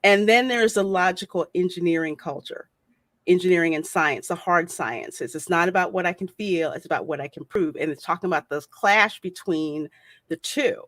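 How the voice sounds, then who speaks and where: Woman, live-stream host, casual chat, low voice, dry close sound. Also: normal speed, fairly bright tone, no echo. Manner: reads viewer comments aloud, chatty and laughing.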